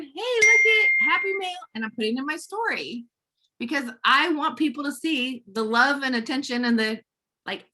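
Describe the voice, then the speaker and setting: Woman, bright tone, fairly high voice, chatty, casual tips talk. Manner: chatty, quick asides, acts out little dialogues. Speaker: network marketing presenter.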